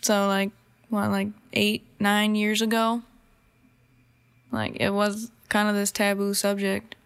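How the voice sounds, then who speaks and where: A woman's voice: mid-range voice, little pitch movement, slow pace, smooth. A young woman in her early twenties, answering interview questions casually and hesitantly with many fillers. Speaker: guest.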